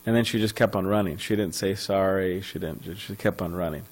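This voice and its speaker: A man's voice: deep voice, a little fast, rough recording. A man giving a scripture class at a temple, telling a story conversationally with many fillers and restarts. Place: temple hall.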